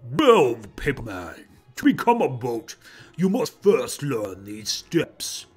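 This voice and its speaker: A man's voice: mid-range voice, huge pitch swings, slow, slightly rough, faint music behind, full character voice. A man doing a lofty wise old magic man.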